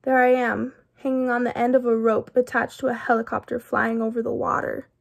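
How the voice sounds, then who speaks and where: A woman voicing an anxious, fretful male walrus in a children's storybook, talking slowly and rambling through all his worries. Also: fairly high pitch, little pitch movement, vocal fry. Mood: worried. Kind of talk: children's storybook read-aloud.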